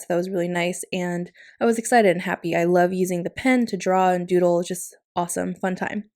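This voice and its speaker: A woman narrating a planner-decorating vlog in a chatty, casual voiceover, often laughing lightly. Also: fairly low pitch. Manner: chatty, warm-hearted, with frequent laughs. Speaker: planner vlogger. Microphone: recorded voiceover.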